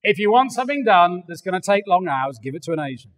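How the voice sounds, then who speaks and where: Lively older English preacher, high voice. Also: male voice, quick pace, long reverb tail. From England. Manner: animated and joking, acts out little voices. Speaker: pastor. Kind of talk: sermon. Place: large church hall.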